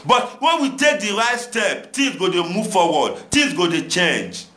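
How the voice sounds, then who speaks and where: Young Nigerian man, Pidgin accent, bright tone, exhortative monologue. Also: high voice, reverberant. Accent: Nigerian Pidgin English. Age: young adult. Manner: preachy, exhorting, repetitive rhetoric. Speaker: commentator addressing viewers. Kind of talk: impassioned monologue.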